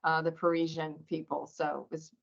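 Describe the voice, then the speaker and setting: A woman's voice: deep voice, flat delivery, normal speed, vocal fry. A woman taking part in a speaking workshop over a video call, giving a hesitant practice talk. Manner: hesitant, with fillers and restarts. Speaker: workshop participant. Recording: dull lo-fi video call audio.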